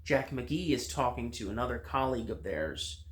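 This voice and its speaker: A man recaps a TV episode in a loose, conversational way. He fills his pauses and backs up to correct himself as he goes. His voice sits at an ordinary middle pitch for a man. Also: expressive. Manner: recaps the plot with frequent fillers and restarts. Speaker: reviewer. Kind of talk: casual spoken review.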